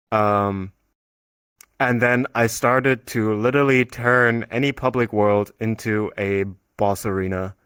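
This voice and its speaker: A man who is a guest on a casual podcast, telling stories in a relaxed way with frequent fillers. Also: lowish voice, smooth, no room sound. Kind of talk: casual chat.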